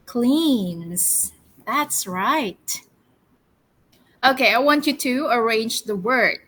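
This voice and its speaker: A woman teaching English to young children, speaking slowly and clearly, drilling words for them to repeat and praising them. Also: fairly high pitch, fairly bright tone, rough recording. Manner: slow, clear, encouraging, drills words for repetition. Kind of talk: classroom storytelling lesson for children.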